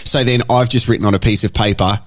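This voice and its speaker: An Australian man hosting a podcast, telling a story in a lively, casual way and swearing freely. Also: lowish voice, quick pace. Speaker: podcast host.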